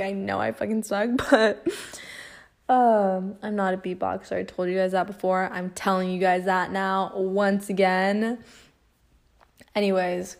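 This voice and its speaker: Hosting a laid-back podcast, a young woman with a gravelly, medium-pitched voice chats through her stories, cursing frequently and laughing as she goes.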